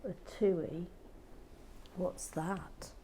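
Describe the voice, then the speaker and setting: A woman with a sore throat talking softly to herself in ASMR style, slipping into whispers and dry teasing, close to the mic. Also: lowish voice, steady tone, drawn-out words, slight background noise. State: sore throat, has a cold. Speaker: host. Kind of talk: soft-spoken ASMR building commentary.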